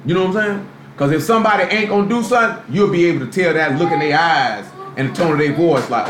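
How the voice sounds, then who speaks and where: A man's voice: a little high, lively intonation, fast. A man preaching a live sermon in a loose, street-style way, full of rhetorical questions. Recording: echoey room, faint background noise, live stream.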